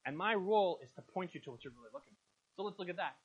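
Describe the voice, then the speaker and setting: A man's voice: high-pitched, animated, fast talker. A male pastor giving a sermon, emphatic and questioning his congregation. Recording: muffled lo-fi recording.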